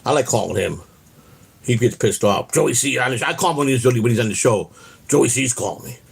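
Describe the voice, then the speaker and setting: A man's voice: medium pitch, animated, brisk, vocal fry, slightly rough. A middle-aged man hosting an online show, ranting in a rambling, profane, heated way. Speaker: host. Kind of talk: casual ranting chat.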